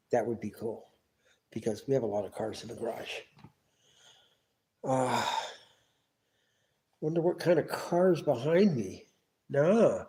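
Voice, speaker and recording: A man's voice: mid-range voice, mellow. A man hosting a casual solo livestream from his garage on a phone camera, rambling and asking absent viewers lots of questions. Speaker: livestream host. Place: home garage.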